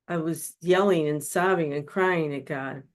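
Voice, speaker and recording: She speaks low and unhurried, a woman giving earnest personal testimony. As a guest speaker at a webinar, this spiritual counselor recounts her story in a confessional way over a webinar microphone.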